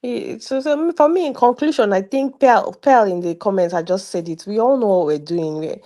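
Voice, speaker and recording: A woman's voice: mid-range voice, lively intonation, moderate pace, mellow. A woman co-hosting a casual gossip chat, who laughs often and chimes in with short replies. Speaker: co-host.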